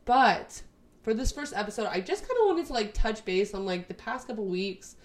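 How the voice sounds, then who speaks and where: A Texas woman in her twenties vlogs casually to her camera, rambling, swearing, and saying "like" constantly. Her voice is medium in pitch with big swings up and down, at a moderate pace.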